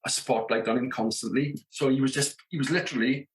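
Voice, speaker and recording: A man's voice: mid-range voice, fairly even intonation, fast talker. A South Welsh man in his thirties, a rock drummer telling tour stories as a podcast guest, acting out the dialogue with lots of "you know what I mean". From Wales, Merthyr Tydfil area. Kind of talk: casual storytelling.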